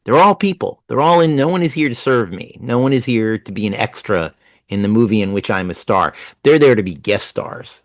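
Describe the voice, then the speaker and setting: A man in his sixties from New Jersey, telling stories fast and animatedly as a guest in a casual interview. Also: fairly low pitch, dry recording. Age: 60s. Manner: fast-talking, animated storyteller. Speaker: guest writer.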